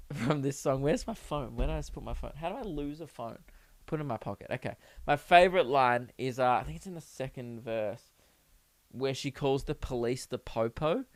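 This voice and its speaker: A man's voice: medium pitch, dry recording. A young man hosting a podcast, rambling through a sweary comedic monologue and laughing at his own jokes.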